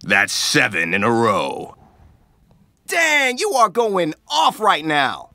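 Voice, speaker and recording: A cocky, teasing game announcer, voiced by a man for a video game voice pack. He drawls his hype lines slowly with big swings of pitch. The voice is bright and a little high. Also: huge pitch swings, creaky, no echo, heavily acted. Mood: swaggering. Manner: slow, swaggering hype with laughs.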